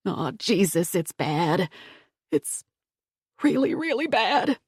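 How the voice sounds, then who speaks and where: A man's voice: high-pitched, sing-song, takes it slowly, breathy edge, no room sound, studio quality, heavily acted. A woman voicing a shaky, tearful old grandfather. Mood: distraught. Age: older. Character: grief-stricken older grandfather, shaky.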